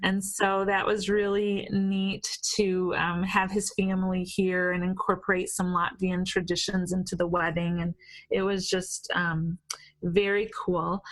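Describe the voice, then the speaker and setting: A woman's voice: medium pitch, flat delivery, takes it slowly, low-quality recording. A woman, a guest speaking earnestly and encouragingly in a faith-based interview. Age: 40s. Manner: earnest and encouraging, gentle restarts.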